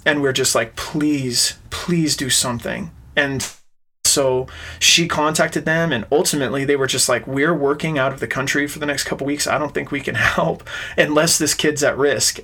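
Man, interview guest, gravelly voice, bright and tense tone, earnest storytelling. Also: medium pitch. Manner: earnest, retells events with quoted dialogue. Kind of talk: emotional personal storytelling.

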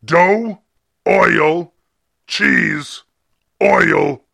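A man voicing a rude, mean-spirited bully who taunts and insults in a comedy podcast sketch, with a raspy voice. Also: high voice, extremely slow, a bit bright, voice pushed down, full character voice. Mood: pushy.

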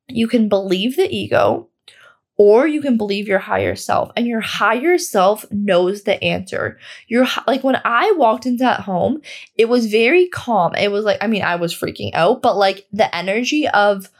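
Woman host of a self-help podcast. Young adult, gravelly voice, mid-pitched, swears freely, leans on "like" a lot. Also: lively intonation, normal speed. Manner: casual and candid, swears freely, heavy use of "like".

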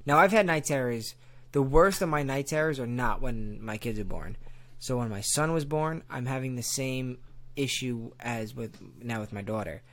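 A man's voice: mid-range voice, normal speed, fairly bright tone. A young man in casual podcast chat, rambling with lots of fillers and easy laughs. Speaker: podcast co-host.

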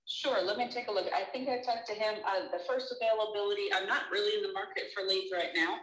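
A woman answering a sales call, polite and measured. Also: mid-range voice, steady tone, a bit bright, reverberant, low-quality recording. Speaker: call recipient. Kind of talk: phone conversation.

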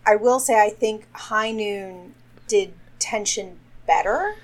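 A woman's voice: medium pitch, takes it slowly. Chatty woman film podcaster. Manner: chatty, acts out lines from the film. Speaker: podcast co-host. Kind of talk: casual film discussion.

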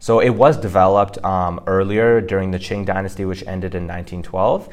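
A man's voice: sits low, fairly even intonation, moderate pace. A man co-hosting a language-learning podcast, explaining Mandarin pronunciation casually with frequent fillers. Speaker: podcast co-host teaching Mandarin.

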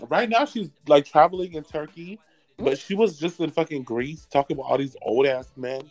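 A woman's voice: low-pitched, normal speed, a little mellow. A young woman co-hosting a podcast, chatting casually with crude, laughing banter. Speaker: podcast co-host. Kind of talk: casual chat.

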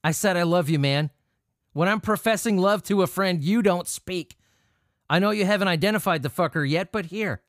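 A man voicing an overbearing male friend who insists and swears in a raised, higher voice. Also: normal speed, dry recording, clean studio sound, natural voice. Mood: pushy. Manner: insistent, profane, rambling. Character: pushy overbearing male buddy, loud.

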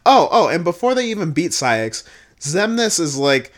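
A man giving a casual, profane recap, blunt and exasperated, swinging between low muttering and loud outbursts. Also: sing-song, normal speed. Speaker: video creator reviewing a game.

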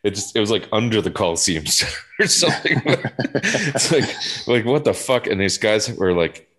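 A man with a very deep voice tells road stories in a loose, lively way. His pitch swings widely as he acts out the people he met, and he swears freely. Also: normal speed. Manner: animated, swearing, laughing, acting out voices. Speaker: band member recalling tours. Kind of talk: casual storytelling.

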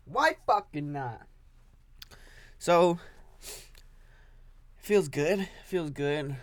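A man's voice: a little high, lively intonation, drawn-out words, dry recording. Rambling, profane young man podcasting alone. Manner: profane, rambling, repeats himself; talking while standing and drinking coffee. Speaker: podcast host. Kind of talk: rambling solo podcast chat.

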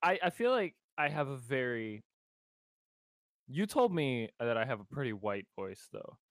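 A young man co-hosting a podcast, talking in a low-key, teasing, casual way. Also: very animated, measured pace, no room sound, studio quality. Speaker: podcast co-host. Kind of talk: casual chat.

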